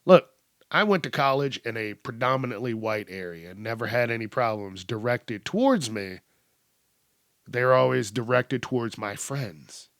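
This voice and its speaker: A man's voice: medium pitch, normal speed, no echo. Young guy ranting through the news on his podcast, cussing a lot, dry close sound. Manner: profane, animated retelling with acted quotes. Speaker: podcast host. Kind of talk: casual news commentary.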